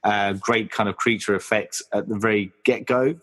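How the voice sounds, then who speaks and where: A man's voice: fairly low pitch, fairly even intonation, normal speed, a bit bright. A man co-hosting a podcast, chatting casually about a horror film with many fillers and restarts. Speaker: podcast co-host.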